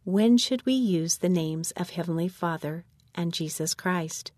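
Slow, measured woman reading a lesson. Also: lowish voice, darkish tone, no room sound, studio quality. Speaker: reader of a children's church lesson. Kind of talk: reading a lesson manual aloud.

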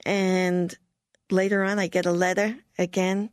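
An older woman being interviewed, telling a personal story in a lively way and often laughing. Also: lowish voice, a little slow, no echo.

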